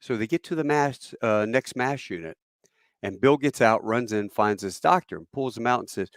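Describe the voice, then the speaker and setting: A middle-aged man telling a veteran's war story in a casual, animated way, with many fillers, acting out the quotes. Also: mid-range voice, moderate pace, dry recording, clean studio sound.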